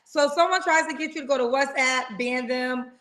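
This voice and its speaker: A high-pitched woman hosts a live dating stream, chatty and playful, calling guests "girl" and "child". She talks over a video call with the loose rhythm of casual conversation. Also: fairly quick, a loud crowd. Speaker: host of a live singles dating show.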